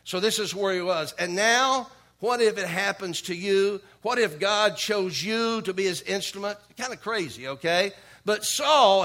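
Male preacher, high voice, bright ringing tone, emphatic sermon, repeated "okay?". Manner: punctuates with repeated "okay?", calls for amens; reads scripture slowly, emphatic preaching. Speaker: pastor.

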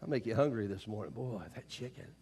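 A middle-aged man preaching a sermon from the pulpit, calling out to his congregation and swinging from quiet storytelling to loud emphasis. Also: fairly low pitch, fast. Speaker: pastor. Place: church sanctuary.

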